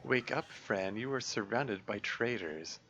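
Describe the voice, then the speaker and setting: A man voicing a sinister, manipulative shadow self who speaks in a low, coaxing way. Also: animated, unhurried, sharp tone, lo-fi sound, a little hiss or hum, heavily acted.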